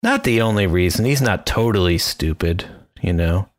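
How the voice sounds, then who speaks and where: A man's voice: low voice, lively intonation, moderate pace. A man co-hosting a podcast, chatting casually with profane, jokey banter. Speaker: podcast co-host. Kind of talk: casual chat.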